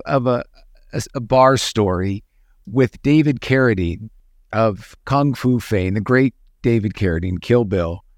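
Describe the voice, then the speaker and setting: A man co-hosting a relaxed conversation and launching eagerly into anecdotes. His delivery is lively and story-driven. His voice sits at a middling pitch, and the recording is dry and close. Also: no room sound. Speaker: podcast co-host. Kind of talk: casual storytelling chat.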